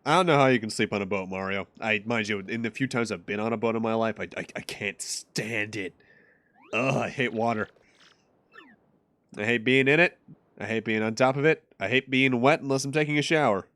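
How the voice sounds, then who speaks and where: A man's voice: lowish voice, brisk, a bit bright, no echo. A man from Massachusetts streaming a game, chatting casually with jokes and rambling asides over faint game music. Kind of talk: casual gameplay commentary.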